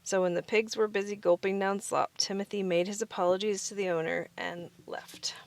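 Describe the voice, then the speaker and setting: A woman reading a children's picture book aloud in a clear, expressive way. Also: mid-range voice. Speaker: storybook reader.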